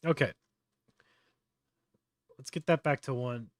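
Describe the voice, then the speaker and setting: Male stream host, mid pitch, relaxed running commentary, dry close mic. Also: slow, dry recording. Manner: thinking aloud, relaxed and offhand. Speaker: livestream host. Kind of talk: casual live tutorial commentary.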